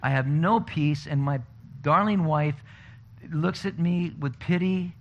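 Male pastor, conversational sermon, animated storytelling, faint background hiss. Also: a little high, slow pace. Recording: dull lo-fi recording with faint noise.

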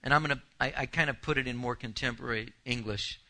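A pastor preaching verse by verse in a church, his voice bright and forceful. He talks animatedly and repeats words as he works out his thoughts aloud. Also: mid-range voice, fast, rough recording. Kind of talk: expository sermon.

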